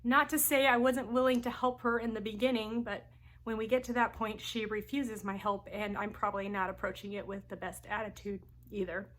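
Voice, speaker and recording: A woman's voice: medium pitch, steady tone, fairly quick, fairly bright tone. A woman who homeschools her children, talking frankly and confidingly to her channel's viewers in a casual vlog. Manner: frank and confiding, musing aloud. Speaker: homeschooling mom and channel host. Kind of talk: candid vlog talk to camera.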